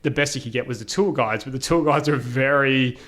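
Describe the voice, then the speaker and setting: An Australian man, a podcast guest, telling a travel story in a casual, animated way, full of "like" and quick quoted voices. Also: mid-range voice.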